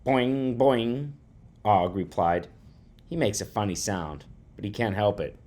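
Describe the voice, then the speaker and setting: A man reading a children's chapter book aloud to students, warm and expressive. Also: low voice, normal speed.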